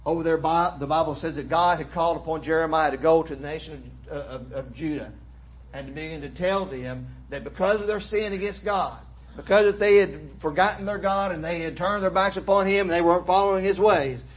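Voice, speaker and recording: A man's voice: fairly high pitch, steady tone, brisk, husky, rough recording. A man preaching a sermon to his church, reading scripture and crying out with rising passion. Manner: impassioned preaching with rising cries. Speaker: pastor.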